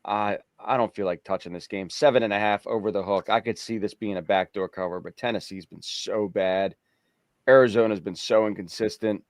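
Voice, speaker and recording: A man co-hosting a betting show, giving measured and reluctant analysis of games. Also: on the low side, no room sound, studio quality. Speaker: co-host. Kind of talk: casual sports betting chat.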